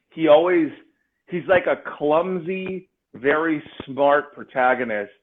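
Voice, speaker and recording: A man co-hosting a casual chat, excitable and slangy, swearing often. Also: on the high side. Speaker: podcast co-host. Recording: tinny phone-like sound.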